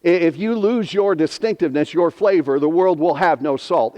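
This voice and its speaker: In a large hall, a fifties-aged preacher from northeastern Pennsylvania delivers an earnest, forceful sermon, repeating important phrases to drive them home. His fairly high voice is mellow and moves at a normal pace.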